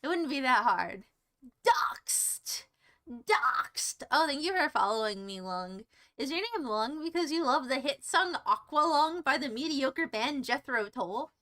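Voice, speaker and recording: A woman's voice: sits high, lively intonation, moderate pace, sharp tone. A young woman livestreaming, chatting with viewers in a silly, rambling, self-mocking way that jumps from topic to topic. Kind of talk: rambling live-stream chat with viewers.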